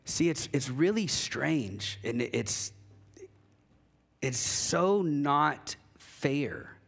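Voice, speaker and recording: A pastor preaching a sermon in a church, talking conversationally and emphatically, acting out quoted voices, with frequent restarts. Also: male voice, a little high, animated, extremely slow, vocal fry, fairly bright tone. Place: church sanctuary.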